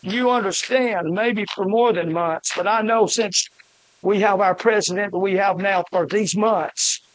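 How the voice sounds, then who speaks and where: An older man preaching a fiery sermon, emphatic, with shouted peaks and rhythmic lists. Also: high voice, a little slow, dry recording, rough recording.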